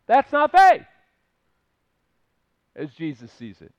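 A man's voice: extremely high pitch, big pitch swings, moderate pace, pauses often, smooth, no echo, highs cut off. A man preaching a conversational sermon, earnest and emphatic as he retells stories. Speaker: pastor.

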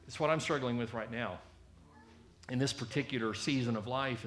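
A man preaching a sermon in a conversational, animated way, often acting out the people he quotes. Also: mid-range voice, echoey room.

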